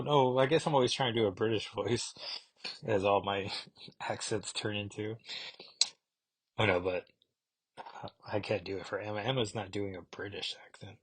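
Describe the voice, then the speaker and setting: A man's voice: lowish voice, fairly bright tone, slightly rough, dry recording. A man hosting a podcast who reviews a comic book casually, rambling and correcting himself as he thinks aloud. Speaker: podcast host.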